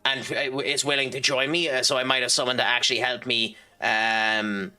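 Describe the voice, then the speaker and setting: A man's voice: medium pitch, flat delivery, moderate pace, sharp tone, smooth. An Irish man streaming a game, talking casually and rambling with lots of ums and restarts while he chats with his viewers. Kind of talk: casual gameplay commentary and chat reading.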